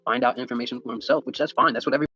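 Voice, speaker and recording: A man calling into a live stream who speaks haltingly, often restarting his sentences. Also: medium pitch, fairly even intonation, pushed and bright, breathy edge. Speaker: caller. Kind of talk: call-in chat. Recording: dull lo-fi audio with faint music.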